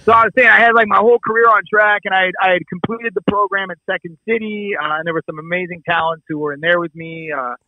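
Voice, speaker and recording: A middle-aged man from the Midwest tells a story in a lively, casual way, acting out dialogue and swearing freely. His voice sits high and he talks fast. The call audio is dry and dull. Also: no echo. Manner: animated, swearing, acts out dialogue. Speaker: actor and producer guest. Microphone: remote call.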